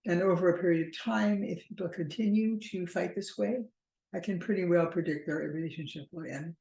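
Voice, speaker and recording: Woman, relationship therapist, measured explanatory talk, restarts and fillers, roomy echo. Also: on the low side, creaky, dark tone. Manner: measured and thoughtful, slow stretches with frequent restarts and fillers.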